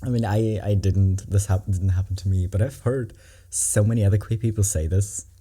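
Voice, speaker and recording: Casting: reaction vlogger, mellow low voice, candid, rambling, emotional. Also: steady tone, normal speed, husky. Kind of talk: casual reaction commentary.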